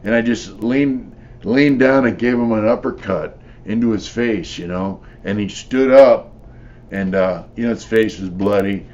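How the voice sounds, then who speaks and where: A man's voice: lowish voice, measured pace, a little mellow, lo-fi sound. An older man, a former prisoner, telling his stories in a blunt, profane, rambling way with lots of "you know.". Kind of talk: casual storytelling.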